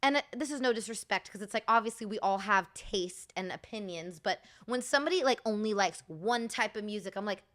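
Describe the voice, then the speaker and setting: A woman's voice: mid-range voice, lively intonation, brisk, few pauses, a bit bright. A woman from California with a Californian accent, hosting a podcast, chatting casually, peppering her talk with "like" and laughing often. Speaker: podcast host. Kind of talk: casual chat.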